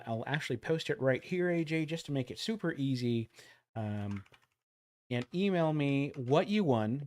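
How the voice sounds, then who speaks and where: Joking man hosting a livestream trivia game. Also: mid-range voice. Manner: jokey, animated, loud countdowns. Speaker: livestream host running a trivia giveaway. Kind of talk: casual livestream chat.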